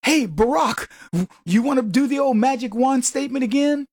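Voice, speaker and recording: A man's voice: very high voice, moderate pace, darkish tone, no room sound, studio quality. A man hosting a talk radio show, brash and mocking, who laughs often and acts out other people's voices. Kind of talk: conservative talk radio monologue.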